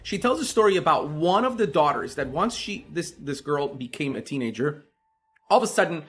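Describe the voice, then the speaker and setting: Animated male storyteller, fairly high voice. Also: brisk. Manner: animated, emphatic, with sudden swings in loudness. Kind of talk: religious storytelling monologue.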